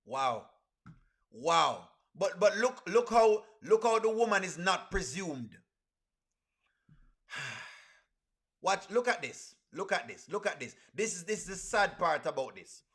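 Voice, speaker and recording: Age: adult. Sex: man. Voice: high, bright. Style: animated live reaction stream. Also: slow, long pauses. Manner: animated, repeats exclamations over and over.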